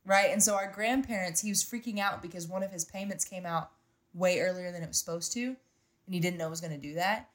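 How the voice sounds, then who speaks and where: A young woman co-hosting a podcast, telling stories in animated, casual chat and swearing freely. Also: on the low side, a little fast. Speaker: podcast co-host.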